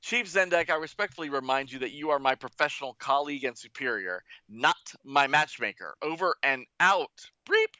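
A man's voice: mid-range voice, lively intonation, moderate pace, hardly any pauses, bright, forceful tone, smooth, no echo, dull audio, voice pushed up. A man voicing a prim, indignant female space agent in a mock-formal manner.

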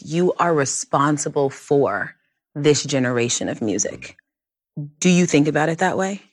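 A woman's voice: deep voice, dry recording, studio quality. A woman interviewing a guest, asking attentive questions and often affirming what he says. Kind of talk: conversational interview.

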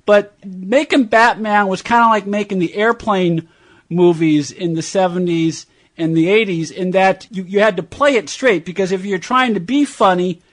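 A male interviewer with a notably high voice for a man leads his guest through well-researched questions. He pauses on fillers as he works out each question, in a conversational tone. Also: steady tone. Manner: informed, leading questions with many fillers.

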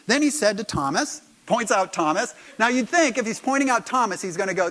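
A man preaching a sermon in church, animated, jumping from quiet remarks to loud acted-out lines. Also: high-pitched, a little fast, hardly any pauses. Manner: animated, acts out dialogue with sudden loud bursts. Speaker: pastor.

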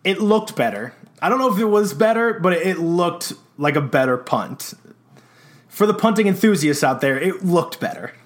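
A man co-hosting a sports podcast, talking in an animated, jokey way. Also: high-pitched, normal speed. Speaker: podcast co-host. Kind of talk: casual sports chat.

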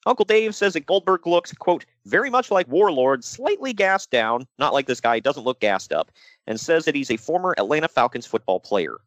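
A man co-hosting a casual podcast chat, animated and jokey, slipping into mock voices. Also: fairly high pitch, normal speed, no echo. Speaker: podcast co-host.

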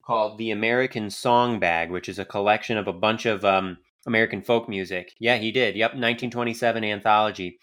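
Laid-back man, slightly low voice. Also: steady tone, fairly quick, hardly any pauses, fairly bright tone. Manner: laid-back, rambling, with many fillers and restarts. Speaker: podcast co-host. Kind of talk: casual chat.

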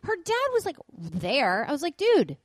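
A woman in her thirties, a podcast co-host, chatting casually and telling lively stories, acting out quotes and swearing. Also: sits high, moderate pace, no room sound, studio quality. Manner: animated storyteller, acts out quotes, swears. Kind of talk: casual chat.

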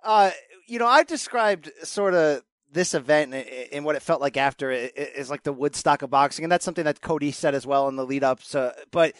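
A man hosting a casual interview, asking questions in a halting way with many fillers and restarts. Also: on the high side, no room sound. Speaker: podcast host.

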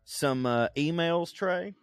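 A man's voice: on the high side, slow, clear, resonant tone, no room sound. A man co-hosting a casual podcast, swearing freely and laughing as he reads out quotes. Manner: crude, laughing storyteller reading quotes aloud. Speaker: podcast co-host.

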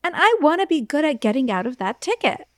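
A woman's voice: high voice, big pitch swings, quick pace, no room sound, studio quality. A woman podcast co-host telling a story in casual chat, acting out the voices and laughing often.

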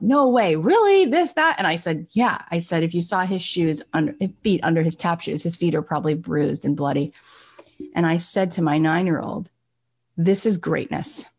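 A middle-aged woman hosting a podcast, telling stories with lively quoted voices in a casual chat. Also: low voice. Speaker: podcast host and coach.

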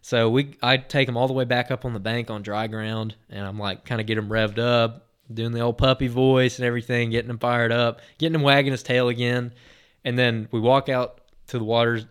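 A man's voice: mid-range voice, clear, resonant tone. A man hosting a podcast, telling a long anecdote in a casual, rambling way, full of fillers and restarts. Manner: rambling, filler-heavy retelling with many restarts; lively, excited anecdote telling. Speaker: podcast host.

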